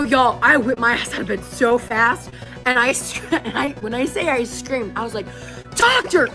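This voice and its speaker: A woman vlogger tells a story in a casual, animated way, slipping into quoted dialogue and dropping swear words freely. Her voice sits a little high. Soft music plays faintly behind her. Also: rough recording.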